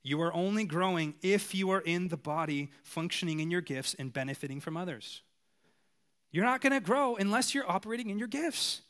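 Lively, casual man preaching. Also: high-pitched, brisk. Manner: casual, animated, conversational preaching. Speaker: pastor. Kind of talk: sermon.

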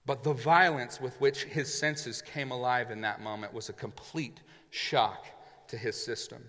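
A man's voice: medium pitch, steady tone, unhurried, a bit bright. A male pastor preaching a sermon, retelling a story vividly and acting out the characters. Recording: long reverb in a large hall.

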